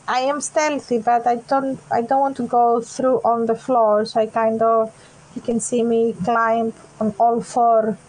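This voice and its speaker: A woman's voice: a little high, little pitch movement, unhurried, darkish tone, low-quality recording. A woman as a player in a tabletop role-playing game, talking casually and hesitantly. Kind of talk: tabletop role-play chat.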